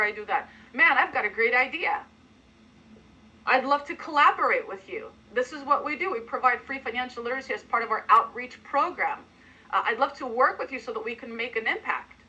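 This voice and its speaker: Energetic woman coaching a sales team. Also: muffled recording. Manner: energetic, emphatic, role-plays pitches. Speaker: sales trainer.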